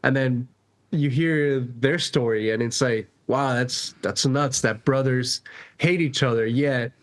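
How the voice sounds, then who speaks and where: A man co-hosting a podcast in relaxed conversation. He gropes for words and restarts often, in an average-pitched voice. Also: slow pace. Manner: hesitant, stumbling restarts. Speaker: podcast co-host. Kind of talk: casual chat.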